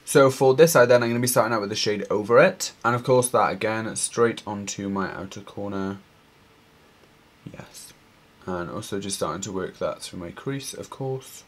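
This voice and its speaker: A man's voice: on the low side, brisk, hardly any pauses. A young Welsh man with a Welsh accent, casually talking through eyeshadow shades and a makeup tutorial, chatty and gushing with lots of fillers. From Wales. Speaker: makeup artist.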